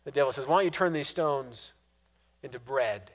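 A man preaching a sermon, swinging from loud, pressing questions to hushed, quiet endings. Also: mid-range voice, lively intonation, moderate pace. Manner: dynamic preaching, rising to loud questions and dropping to hushed asides. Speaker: pastor.

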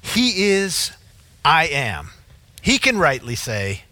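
A male pastor delivering a sermon in an earnest, emphatic way, stacking up repeated phrases. His voice is bright and a little higher than most men's, and he speaks at an unhurried pace. The sound is dry, with no room echo. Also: big pitch swings. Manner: earnest preaching, emphatic repetition.

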